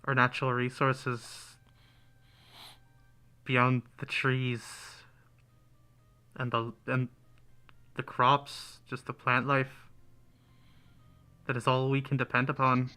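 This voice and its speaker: A man's voice: medium pitch, monotone, slow pace, pauses often, sharp tone, smooth. A man voicing a careworn male village farmer, pleading and worried as he questions why it falls to him. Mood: despairing.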